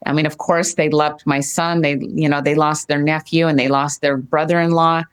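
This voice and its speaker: A middle-aged woman with a very deep, low voice talks earnestly in an interview. She speaks gently and circles back to repeat her phrases. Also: level tone, normal speed, clear, resonant tone. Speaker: guest. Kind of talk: heartfelt interview talk.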